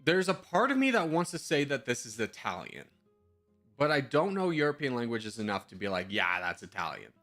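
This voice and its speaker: Chatty, lively male streamer. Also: on the high side, fairly quick, faint music behind. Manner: thinks aloud, chatty, self-mocking. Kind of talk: casual live-stream commentary.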